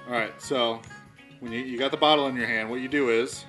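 A man's voice: mid-range voice, fairly even intonation, fairly quick, bright, forceful tone, faint music behind. Easygoing man explaining on a podcast. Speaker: podcast co-host. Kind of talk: casual banter.

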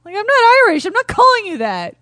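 A woman co-hosting a comedy radio show, chatty and animated as she tells news stories. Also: very high voice, fast talker, no room sound. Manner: chatty, giggly, animated storytelling. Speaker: radio co-host.

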